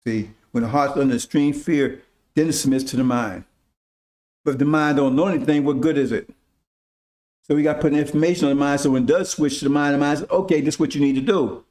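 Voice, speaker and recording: A man with a voice pitched a bit above the usual preaches to his followers in a loose, informal way. He talks in emphatic bursts of casual slang and keeps checking in with a repeated "See?". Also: steady tone, fast talker, darkish tone. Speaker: religious teacher.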